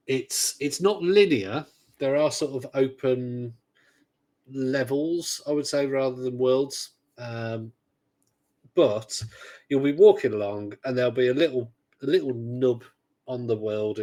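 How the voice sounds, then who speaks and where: A man's voice: mid-range voice, a little mellow. Chatty man, dry humor. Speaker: podcast co-host. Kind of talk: casual chat.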